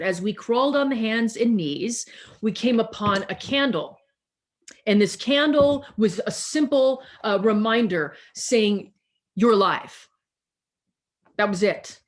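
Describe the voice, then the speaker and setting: A woman minister delivers a sermon over a video call at an unhurried pace. Her pitch sits in a middle range. She leans on repetition and guided imagery, letting each phrase land. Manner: slow, emphatic, repeating phrases, guided imagery. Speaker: pastor.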